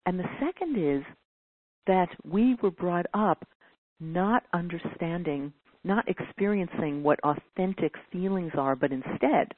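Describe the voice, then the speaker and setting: A woman with a low voice gives a teaching talk, earnestly answering a caller's question and sometimes putting on whiny voices for quotes. The audio is dry and phone-like, with no echo.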